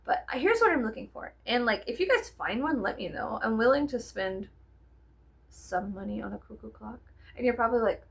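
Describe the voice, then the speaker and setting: Chatty Southern woman with a husky, gravelly voice. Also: fairly high pitch, lively intonation, moderate pace. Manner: chatty and rambling, swears, drops into whispers, giggles often. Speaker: vlogger. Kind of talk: casual chat to camera.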